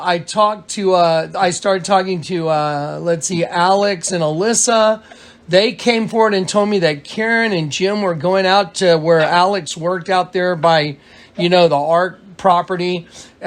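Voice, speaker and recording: High-voiced man rambling on a phone call. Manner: rambling, many restarts and fillers; retells dialogue in quoted voices. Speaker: caller recounting events. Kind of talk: casual phone conversation.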